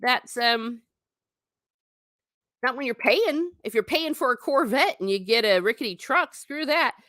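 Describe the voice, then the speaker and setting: A woman's voice: a little slow, dry recording, clean studio sound. A middle-aged woman hosting a livestream, chatting casually and rambling, reading comments from chat. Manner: chatty, rambling, animated pitch swings.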